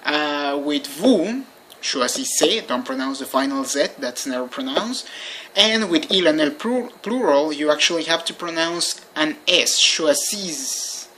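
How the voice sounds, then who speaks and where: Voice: medium pitch, lively intonation, moderate pace, a bit bright, slight background noise. A language teacher giving an informal recorded lesson, patiently repeating points and spelling word endings letter by letter. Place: indoors by a window.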